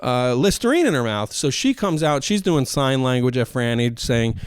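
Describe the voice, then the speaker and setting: Smooth-voiced man telling a goofy story. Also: medium pitch, animated, a little fast, dry recording, studio quality. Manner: rambling, self-mocking, with goofy asides. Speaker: podcast host. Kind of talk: solo comedic storytelling.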